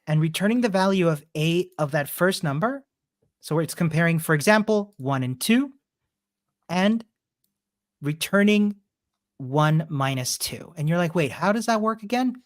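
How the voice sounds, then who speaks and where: A woman's voice: lowish voice, lively intonation, unhurried, no echo, clean studio sound. A woman patiently explaining code step by step in a live lesson. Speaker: coding instructor.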